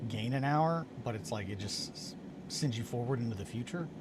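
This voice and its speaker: A just-woken man chats to his viewers in a loose, rambling way, restarting his sentences as he tells a story. His voice sits at an ordinary middle pitch. A steady noise runs under the recording. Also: normal speed. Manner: rambling, self-interrupting, restarts and fillers. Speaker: hobby livestream host. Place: home studio and workshop.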